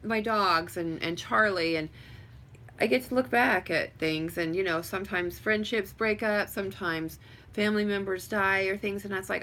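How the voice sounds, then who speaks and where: Bright-voiced chatty woman on a livestream. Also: medium pitch, slight background noise. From Hobbs, New Mexico. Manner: rambling, chatty, filler-heavy; answers viewer questions with frequent laughs. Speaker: vlogger. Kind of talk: casual livestream chat. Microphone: webcam or phone livestream.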